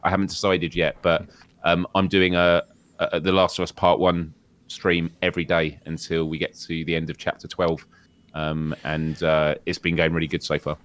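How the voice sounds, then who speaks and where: A man's voice: low voice, level tone, normal speed, a bit bright, no room sound. A British man co-hosting a gaming podcast, joking and laughing often in casual chat. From United Kingdom. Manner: jokey, laughs often, chatty. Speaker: podcast co-host.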